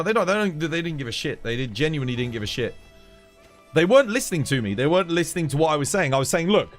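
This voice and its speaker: A man's voice: on the high side, fairly bright tone. A man chatting casually on a live game stream, rambling and repeating himself as he grumbles.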